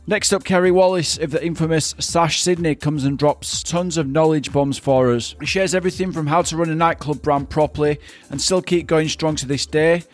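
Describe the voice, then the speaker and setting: A man hosting a podcast, friendly and relaxed, often restarting his questions. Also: on the high side, normal speed, few pauses, soft background music. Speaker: podcast host. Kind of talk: casual interview.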